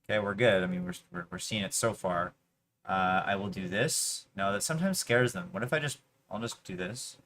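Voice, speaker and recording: A man's voice: lowish voice, animated, moderate pace, fairly bright tone, slight background noise. A man streaming his workday who mutters to himself in half-finished phrases and pleads aloud with an online chess opponent. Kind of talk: casual livestream commentary.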